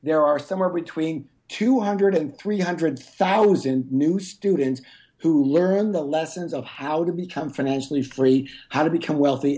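Emphatic man with a dark, mellow voice. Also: a little high. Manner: emphatic, teacherly, addresses listeners directly. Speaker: guest author. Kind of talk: podcast interview.

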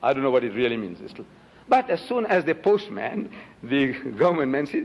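A man's voice: mid-range voice, very animated, brisk, husky, muffled recording. An older man from South Africa giving an emphatic public lecture, asking rhetorical questions and holding up items to show the audience. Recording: reverberant lecture hall.

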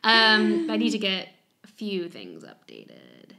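A woman's voice: mid-range voice, huge pitch swings, slow, sharp tone. A woman co-hosting a casual podcast, rambling and self-deprecating with frequent giggles. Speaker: podcast co-host. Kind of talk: casual chat.

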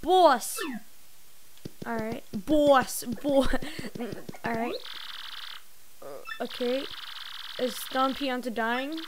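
A woman's voice: a little high, extremely slow, long pauses, a crowd in the background. A woman commenting casually on a video game she is playing through, with giggly, self-mocking asides. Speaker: gamer doing character voices. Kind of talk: let's play commentary.

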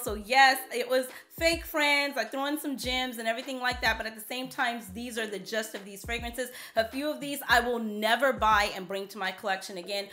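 A woman vlogger chatting casually to camera about perfumes, animated and playful, repeating herself for emphasis. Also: a little high. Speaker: beauty vlogger reviewing perfumes.

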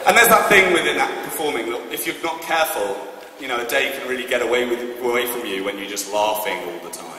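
A man in his thirties answering fan questions at a convention panel, animated and laughing often as he acts out moments. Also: mid-range voice, fast. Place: large convention hall. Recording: echoey hall from far off, noisy.

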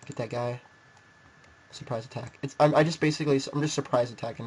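A young man giving casual, rambling gameplay commentary, poking fun at himself and getting excited. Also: medium pitch, quick pace, a little hiss or hum. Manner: rambling, self-mocking, excitable. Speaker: gaming video creator.

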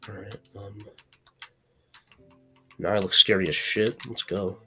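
A man's voice: on the low side, fairly even intonation, a little slow, bright, forceful tone, a little hiss or hum. A young man giving casual gameplay commentary, chatty and playfully trash-talking, now and then yelping in frustration. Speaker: gaming channel host.

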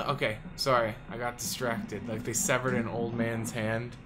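A young man hosting a let's play, giving casual commentary on the game, excitable and quick to swear. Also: mid-range voice, music in the background. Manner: excitable, swears a lot, sudden loud outbursts.

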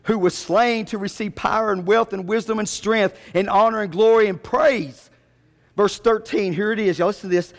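A man preaching a sermon, dropping to low murmurs and rising to loud, high calls. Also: fairly even intonation, normal speed. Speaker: pastor. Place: church sanctuary. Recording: long church reverb.

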